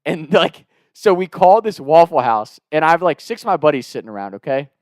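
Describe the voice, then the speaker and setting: A young-sounding man spins a comedic story in a loose, rambling way, full of swearing and fillers. His voice sits a bit high for a man. The sound is dry and close. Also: a little fast, dry recording. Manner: profane, rambling, excitable.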